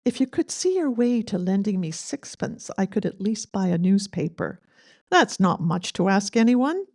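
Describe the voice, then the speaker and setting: An actress playing a grieving daughter who reads her late father's odd poems at a funeral in a deadpan, earnest manner. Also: mid-range voice, dry recording, studio quality. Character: eccentric woman reading her late father's begging poems. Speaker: bereaved daughter giving a eulogy. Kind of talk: scripted comedic funeral reading.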